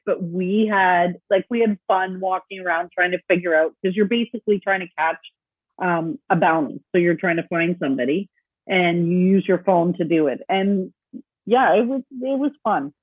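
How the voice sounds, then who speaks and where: A woman's voice: fairly low pitch, normal speed, husky, dry recording. Chatty woman on a tinny line. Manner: chatty, laughs often, acts out quoted voices. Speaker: podcast co-host. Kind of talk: casual chat. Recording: tinny phone-like remote line.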